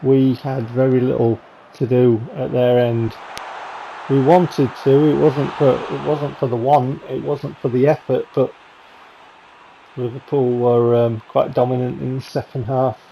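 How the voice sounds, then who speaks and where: A man talks casually over game highlights in a chatty, rambling, wry way. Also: level tone, a little slow, creaky, warm tone, muffled recording, slight background noise. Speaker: gaming channel host.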